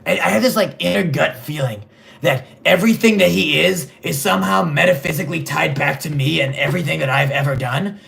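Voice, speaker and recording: Batman, gravelly and deadpan, as a man puts him on. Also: on the high side, brisk. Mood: deadpan rambling. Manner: rambling, deadpan, self-absorbed. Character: vain, clueless rich male superhero. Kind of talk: comedic livestream character sketch.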